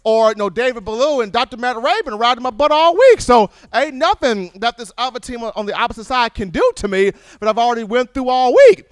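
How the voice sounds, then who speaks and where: A man hosting a college football show in a high, bright voice, talking in an animated, rambling way. He often restarts his sentences and piles up repeated phrases. The sound is dry and close. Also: a little fast, few pauses, clear, resonant tone, dry recording. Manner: animated, repetitive, stumbling restarts. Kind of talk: casual sports commentary.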